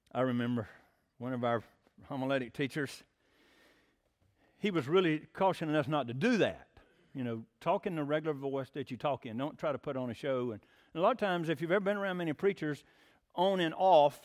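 Folksy high-voiced preacher. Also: male voice. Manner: folksy storytelling, lively and plainspoken. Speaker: pastor. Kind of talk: sermon.

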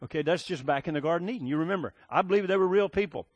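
A man's voice: a little high, racing, no echo, lo-fi sound. A man preaching a sermon as pastor, with folksy storytelling, fillers and restarts.

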